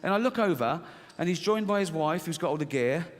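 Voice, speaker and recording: A man's voice: on the high side, a little fast, heavy background noise. A middle-aged man performing a stand-up comedy routine, telling a story on stage and acting out both sides of an inner argument. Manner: animated storytelling, swinging between voices of inner argument. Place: large theatre stage. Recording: stage mic in a reverberant hall with faint audience.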